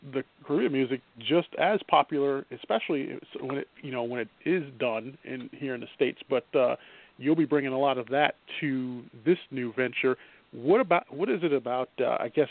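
A man's voice: medium pitch, moderate pace, creaky. A man hosting a talk radio show, asking long, rambling questions full of fillers. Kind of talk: casual radio interview. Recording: phone-line audio.

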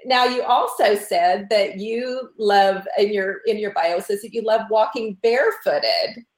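A woman's voice: mid-range voice, unhurried. Giggly Texan woman hosting, echoey room. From Texas. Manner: warm and giggly, with some hesitant fillers. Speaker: interview host. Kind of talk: casual interview chat.

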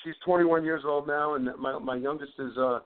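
Middle-aged man, slightly high voice, animated storyteller, repeats words, tinny phone line. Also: normal speed. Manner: animated anecdote teller, repeats words as he talks. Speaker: guest wrestler. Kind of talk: casual storytelling on a phone call.

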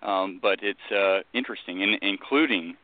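A low-voiced man co-hosts a casual radio show, eager and full of fillers as he restarts his sentences. The sound is thin and phone-like. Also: moderate pace, dry recording. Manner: enthusiastic, many fillers and restarts. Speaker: co-host.

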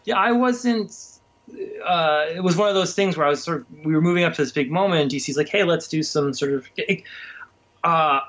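A man talks through a casual interview in a slightly high voice, rambling and restarting his sentences as he goes. The recording is dull and lo-fi. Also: fairly bright tone. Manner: rambling, halting with many restarts. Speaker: guest comics writer. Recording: dull lo-fi sound.

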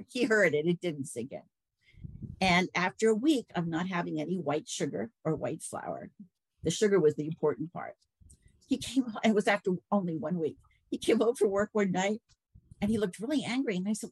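Low, husky woman telling her story. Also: normal speed, dry recording, low-quality recording. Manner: chatty, animated when quoting others. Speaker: guest. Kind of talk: casual interview storytelling.

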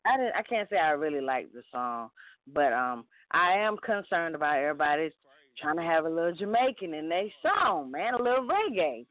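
A man's voice: a little high, sing-song, brisk, no room sound. A man co-hosting a casual talk show, speaking hesitantly with many ums. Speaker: co-host. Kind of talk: casual chat. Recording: tinny phone-like sound.

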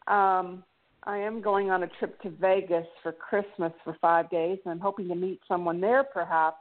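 A woman's voice: on the low side, steady tone, normal speed. A woman calling in to a radio show, talking hesitantly with fillers. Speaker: caller. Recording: tinny phone line.

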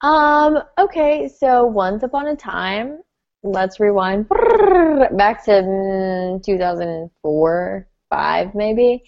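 A woman's voice: mid-range voice, expressive, drawn-out words, creaky, dry recording, dull audio. A woman co-hosting a podcast in casual chat, talking animatedly with giggles and playful bragging. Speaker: podcast co-host.

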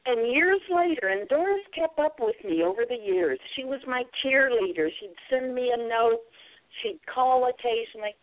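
A woman's voice: on the high side, lively intonation, normal speed. A woman from southeastern Kentucky with an Appalachian accent, a guest telling her story in a folksy way. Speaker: guest, author and speaker. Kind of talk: storytelling interview. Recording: tinny phone-like sound.

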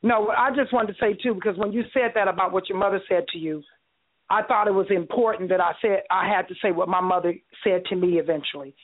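A woman hosts a talk radio show, speaking earnestly and backing up her co-hosts. Her voice has a mid-range pitch and comes through thin, like a phone line. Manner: earnest, quick to affirm others. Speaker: radio host.

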